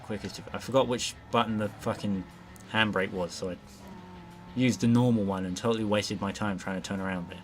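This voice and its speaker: A man with a lowish voice talks through his gameplay in a loose, rambling let's play commentary. He fills gaps with "uh" and "um" and swears freely. Faint game music plays underneath. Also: steady tone, fairly quick. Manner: casual, rambling and heavily profane, with frequent fillers.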